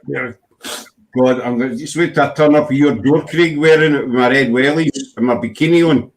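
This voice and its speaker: A man's voice: medium pitch, moderate pace. A Scottish man hosting a casual chat, joking and bantering and laughing often. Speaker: host.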